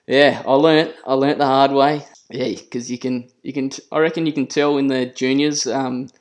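A young Australian man co-hosting a casual podcast, telling a childhood story in a relaxed, easygoing way. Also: medium pitch, normal speed. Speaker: podcast co-host.

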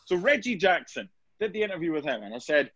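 A man's voice: a little high, very animated, fast, a bit bright, breathy edge, dry recording. A man, a sports reporter guest telling anecdotes in a casual interview, with many restarts. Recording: dull dry lo-fi sound.

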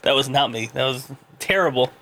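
Bright-voiced, profane young male podcast host. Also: mid-range voice, fairly quick. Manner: laughing, swearing, joking banter. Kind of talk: casual chat.

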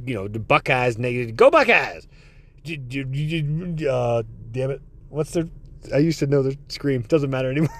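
Male podcast host, profane and excitable, lively pitch. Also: dry recording. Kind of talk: comedic podcast monologue.

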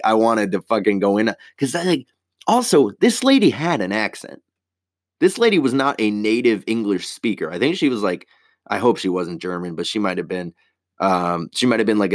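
A man's voice: on the low side, dry recording, clean studio sound. A man on a casual, rambling rant, heated and swearing heavily.

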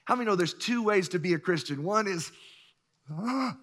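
A middle-aged man preaching a sermon, telling stories with lively acted-out voices and frequent chuckles. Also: high-pitched, fast. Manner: animated storyteller, acts out voices, chuckles often. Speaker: pastor.

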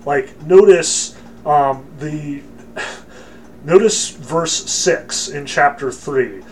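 Chatty male lecturer, emphatic and joking, slightly high-pitched. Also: slow pace, slight background noise. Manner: lively, joking, emphatic, with many fillers. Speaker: religion lecturer. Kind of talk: casual lecture.

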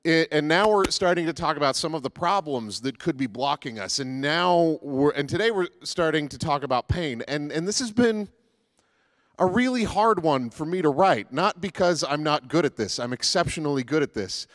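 A man's voice: on the high side, expressive, moderate pace, dry recording, clean studio sound. A man giving a casual, joking sermon as pastor, with many fillers and restarts.

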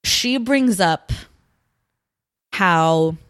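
A woman's voice: lowish voice, lively intonation, extremely slow, a bit bright, clean tone. A young woman co-hosting a podcast, casually recapping a TV show in a rambling, chatty way. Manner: chatty, rambling, laughs often. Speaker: podcast co-host.

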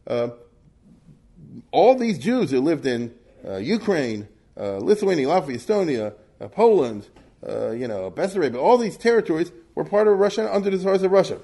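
A man's voice: fairly high pitch, big pitch swings, moderate pace, dark tone, slightly rough. A man giving a history lecture in a conversational, rambling way, with many fillers, asides and rhetorical questions he answers himself.

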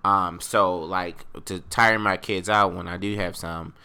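A man's voice: low voice, fairly even intonation, a little slow, creaky, sharp tone, smooth. A man co-hosting a podcast, talking casually and emphatically with strong opinions. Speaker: podcast co-host. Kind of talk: casual chat.

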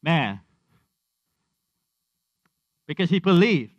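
A man's voice: fairly high pitch, brisk, fairly bright tone, no room sound, highs cut off. A man preaching a conversational sermon, repeating his refrains and acting out quotes.

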